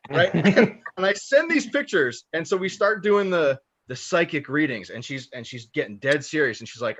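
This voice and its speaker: A man doing stand-up, telling a long story in a profane, animated way and laughing at his own lines. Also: fairly high pitch, moderate pace, lo-fi sound. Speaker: stand-up comedian.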